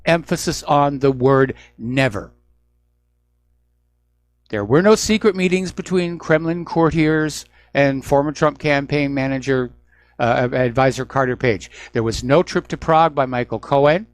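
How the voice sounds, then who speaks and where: A man's voice: mid-range voice, measured pace, dry recording. A man hosting a radio news talk show, delivering an emphatic, indignant commentary monologue.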